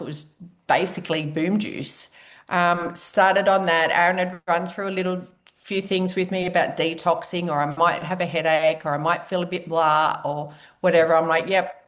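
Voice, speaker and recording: Chatty woman telling her story. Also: on the low side. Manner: chatty, animated storyteller acting out her own reactions. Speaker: guest speaker. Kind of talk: personal story talk.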